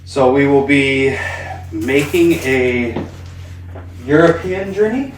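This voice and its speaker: A man's voice: medium pitch, expressive, slow. A man hosting a home project video, chatting casually and joking while he assembles something. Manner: joking, offhand commentary. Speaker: channel host. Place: garage or home room. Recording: echoey room, mic at a distance, noisy.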